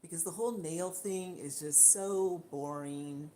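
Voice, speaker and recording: A woman's voice: deep voice, a little slow, dark tone, a little hiss or hum. A woman hosting a livestream and speaking straight to her camera in a blunt, indignant rant, often repeating her points. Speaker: livestream host. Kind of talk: casual live rant to camera. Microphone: camera mic.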